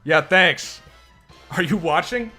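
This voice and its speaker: A man's voice: high-pitched, takes it slowly, pushed and bright, faint music behind. A man streaming live gameplay, commenting casually in a joking, profane, self-mocking way. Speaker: game streamer.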